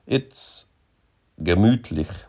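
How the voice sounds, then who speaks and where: A man's voice: on the low side, sing-song, unhurried, a little mellow. A man voicing a servile, hesitant male innkeeper who gropes for his words, read as part of a storybook narration. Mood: fawning.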